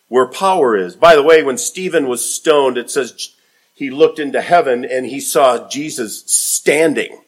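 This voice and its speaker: Man preaching an emphatic sermon. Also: mid-range voice. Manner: emphatic preaching, rising loud on quoted lines. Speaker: pastor.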